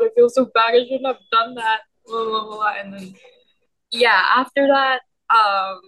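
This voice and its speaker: A woman co-hosting a podcast, telling a story in a casual, excitable way with lots of giggles. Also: mid-range voice, rough recording. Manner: giggly and excitable, many fillers. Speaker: podcast co-host.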